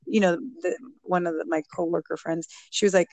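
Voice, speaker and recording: A woman guest and mother telling a personal story in a casual interview, animated and acting out what people said. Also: fairly low pitch, a little fast, dry recording. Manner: animated, acts out quoted speech.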